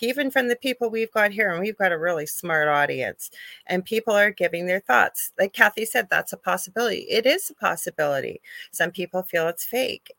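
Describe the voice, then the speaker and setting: A woman's voice: mid-range voice, creaky, a bit bright, no room sound. A woman co-hosting a live paranormal chat show, talking casually with many restarts and fillers. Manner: chatty, frequent restarts and fillers. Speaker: co-host, psychic medium.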